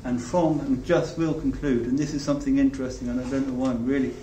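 A man preaching a sermon and leading a prayer, reflective and halting, often restarting his sentences. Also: mid-range voice, little pitch movement, mellow. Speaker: pastor. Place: church hall. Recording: echoey hall from far off, faint noise.

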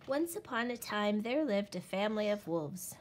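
A woman reading a picture book aloud in a slow, expressive storytelling voice. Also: mid-range voice, a little hiss or hum. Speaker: storybook reader.

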